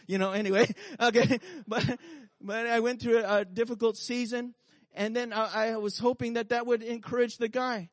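A man's voice: sits high, flat delivery, brisk, no echo. A man pastor preaching a sermon full of personal stories, fervent and repeating "you know" and "come on".

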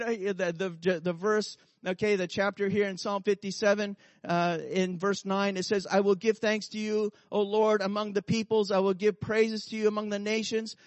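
A man's voice: extremely high pitch, dry recording. A man pastor preaching a sermon full of personal stories, fervent and repeating "you know" and "come on".

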